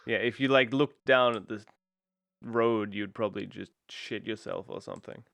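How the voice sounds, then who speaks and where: A man co-hosting a podcast, chatting in a relaxed way and prompting the host with questions. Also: lowish voice, normal speed, gravelly, a crowd in the background. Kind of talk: casual podcast chat.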